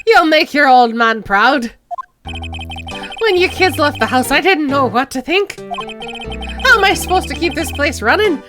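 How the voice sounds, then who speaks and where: Woman putting on an old irish man, loud, doting, fatherly, high and swooping, game music behind. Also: very animated, unhurried, long pauses. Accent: put-on Irish. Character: gruff elderly Irish boat shop owner, a fretting father.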